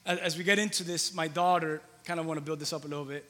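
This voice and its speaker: A man's voice: fairly high pitch, steady tone, fast, pushed and bright, long reverb tail. A man in his thirties preaching a conversational sermon in a church, repeating phrases for emphasis. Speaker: pastor. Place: church hall with long reverb.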